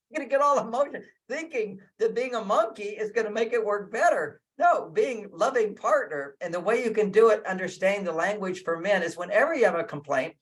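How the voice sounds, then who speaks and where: High-voiced man giving emphatic relationship advice. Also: a bit bright. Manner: emphatic, repeats key phrases, acts out quoted lines. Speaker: relationship speaker. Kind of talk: lecturing guest speaker.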